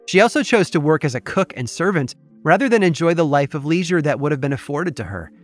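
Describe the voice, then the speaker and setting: A man hosting a podcast, telling a true story in scripted, measured narration with a wry touch. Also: fairly high pitch, expressive. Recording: faint music bed behind.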